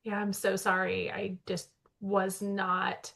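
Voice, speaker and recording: A woman in her thirties co-hosting a podcast, chatting casually and describing herself as loud and talkative. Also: medium pitch, completely flat delivery, slow pace, vocal fry. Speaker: podcast co-host. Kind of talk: casual chat.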